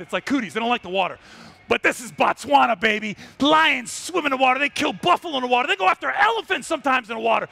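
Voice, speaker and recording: A wildlife photographer giving an animated live storytelling talk on a trade-show stage, exclaiming dramatically. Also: male voice, very high voice, very fast, vocal fry.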